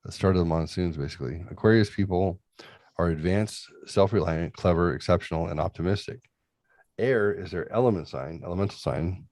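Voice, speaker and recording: Brief: very low-voiced male podcast host, profane and ranting, dead-dry room. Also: a little mellow, no room sound. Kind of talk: casual chat, reading aloud. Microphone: close podcast mic.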